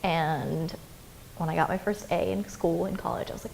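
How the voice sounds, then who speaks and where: This young woman talks in a casual interview, slightly low-pitched for a woman, bouncing through stories and putting on quick voices for quotes. A faint hum of room ambience sits behind her. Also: gravelly. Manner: animated storyteller, acts out quotes. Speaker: interview guest, adventurer and filmmaker.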